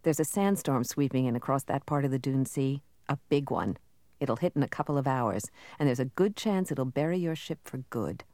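A woman's voice: very deep voice, normal speed, warm tone, dry recording. A woman reading the part of a guarded male informant in an audiobook. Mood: cagey. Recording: noisy recording.

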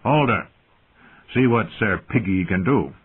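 A cold, sharp-tongued older master-at-arms who sneers at his young charges, read by a man. The voice is low and a little husky. It comes through thin, phone-like audio. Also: expressive, unhurried, exaggerated voice. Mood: scornful. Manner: cold, cutting and mocking.

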